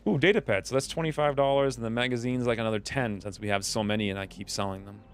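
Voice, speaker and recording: A man's voice: mid-range voice, steady tone, quick pace, faint music behind. A man giving casual live commentary on a strategy game, chatty and thinking aloud, often laughing. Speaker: game streamer.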